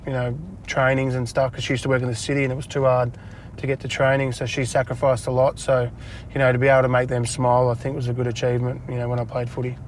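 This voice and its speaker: Brief: Australian man, medium pitch, chatty storyteller, laughs a lot, faint car noise behind. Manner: chatty, laughs often, acts out dialogue in a raised voice. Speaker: interview guest, retired footballer. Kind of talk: casual storytelling interview. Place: inside a parked car.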